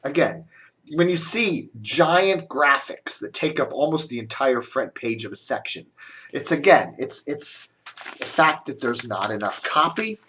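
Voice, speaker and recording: Over background noise, a man with a medium-pitched voice delivers a loose, rambling video commentary on media as a blogger. He grumbles, gets sarcastic, coughs, and restarts.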